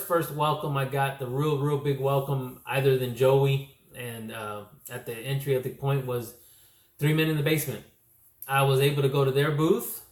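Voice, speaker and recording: A man from California telling a casual vlog recap, rambling and correcting himself, his voice slightly worn from yelling. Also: medium pitch. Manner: rambling, self-correcting storyteller. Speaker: comic book vlogger. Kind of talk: casual recap talk to camera. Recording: echoey room.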